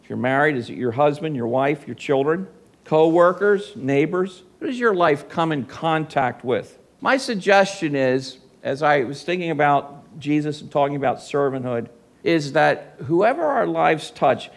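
A man delivers a sermon in an earnest tone and keeps putting rhetorical questions to his listeners. His voice sits a little high and has a gravelly edge. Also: animated, moderate pace. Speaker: preacher.

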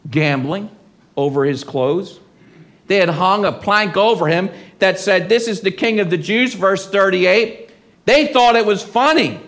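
High-voiced man preaching with passion. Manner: impassioned preaching, rising loud on quotations. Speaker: pastor. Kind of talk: sermon. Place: church service.

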